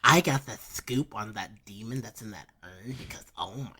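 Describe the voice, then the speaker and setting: A woman's voice: rumbling low, moderate pace, over a noisy crowd. A woman co-hosting a comedy podcast, crude and rowdy, laughing often and slipping into put-on voices. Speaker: podcast co-host. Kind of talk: casual comedic banter.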